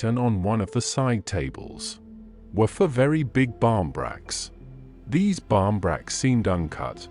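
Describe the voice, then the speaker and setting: Male narrator, audiobook reading, expressive, very animated delivery, soft music behind. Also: on the low side. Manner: slow, expressive storytelling. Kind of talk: audiobook reading of classic fiction.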